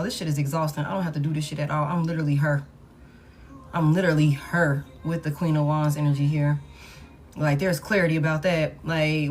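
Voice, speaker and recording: A woman's voice: sits low, fairly even intonation, brisk, slight background noise. A woman giving a live tarot reading, talking casually and profanely to her viewers. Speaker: tarot reader.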